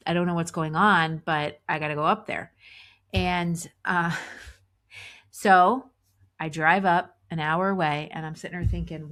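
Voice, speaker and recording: A middle-aged woman with a fairly low voice tells a story on her podcast. She restarts often and acts out her own thoughts as she goes. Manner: animated retelling with many restarts and acted inner thoughts. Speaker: podcast host. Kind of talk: storytelling monologue.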